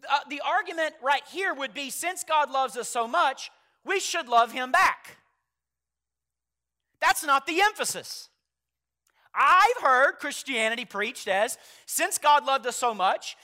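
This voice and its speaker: A man with a very high, bright voice preaches a sermon to his congregation. He moves from quiet, steady explanation to loud, emphatic passages, hammering home key phrases through repetition. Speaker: pastor.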